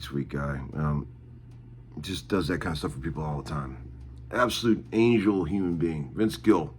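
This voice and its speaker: A man's voice: rumbling low, slight background noise. A middle-aged man chatting casually to his viewers in a rambling way, with lots of fillers. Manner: rambling, warm-hearted, many fillers. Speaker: guitarist hosting his own video channel. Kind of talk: casual spoken video update.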